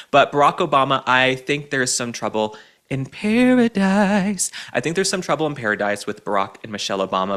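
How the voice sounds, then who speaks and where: A man's voice: medium pitch, sharp tone. A man hosting a show, ranting in sarcastic, mocking political commentary. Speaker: host.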